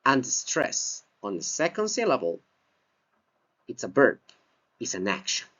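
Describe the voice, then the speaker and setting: Slow, lively-pitched male English teacher. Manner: slow and deliberate, repeats key phrases. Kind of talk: slide-based grammar lesson. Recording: dull lo-fi recording.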